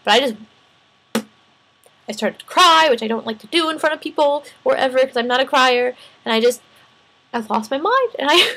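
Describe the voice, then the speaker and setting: Young woman, twenties, husky voice, vocal fry, rambling casual vlog, tired. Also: high voice, normal speed, long pauses, rough recording. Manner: rambling, animated, restarts and laughs often. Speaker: student teacher vlogger. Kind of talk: casual personal vlog venting.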